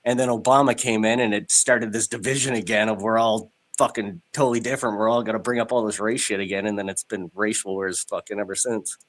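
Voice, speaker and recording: A lowish-voiced man in his thirties from Canada talks through a stuffed-up nose from a cold. His casual livestream chat is blunt and full of swearing, and he laughs often between points. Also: steady tone, fast, hardly any pauses, fairly bright tone. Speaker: stream guest.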